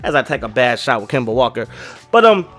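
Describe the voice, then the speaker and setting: A man's voice: mid-range voice, big pitch swings, fast, fairly bright tone, faint music behind. A man chatting casually while he plays a video game, rambling and slangy, often asking "you know what I mean". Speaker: gaming YouTuber.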